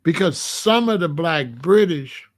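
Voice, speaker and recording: Slow-talking man host. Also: fairly high pitch, lively intonation. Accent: African American. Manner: rambling, repeats and restarts, retells conversations. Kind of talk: casual commentary.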